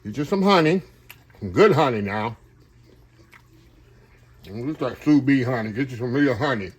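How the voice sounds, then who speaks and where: A middle-aged man, a kitchen manager who cooks at home, speaks with excited chattiness to viewers of his casual cooking vlog, shot from a tripod inside his home kitchen. He keeps saying "y'all" to them, using a mid-range voice at normal speed.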